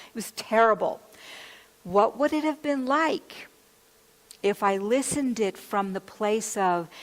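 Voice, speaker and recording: A woman's voice: medium pitch, measured pace. A woman minister gives a sermon, telling a candid, confessional personal story and quoting her own thoughts aloud. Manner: candid, confessional storytelling with quoted self-talk. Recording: long hall reverb.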